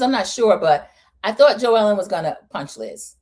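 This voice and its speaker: A woman's voice: medium pitch, moderate pace. A woman hosting a casual, opinionated reality TV recap, talking in a chatty way and acting out what the cast said. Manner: chatty, opinionated, animated quoting of cast members. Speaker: host.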